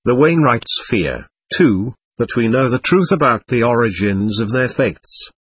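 A man voicing a somber, commanding male alien overseer in an audiobook, with a measured, grave delivery. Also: medium pitch, lively intonation, slightly rough, dry recording.

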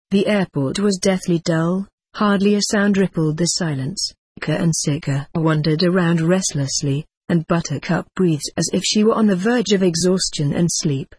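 An audiobook narrator reading a story in a steady, even way. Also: mid-range voice, moderate pace, hardly any pauses, breathy edge, no room sound.

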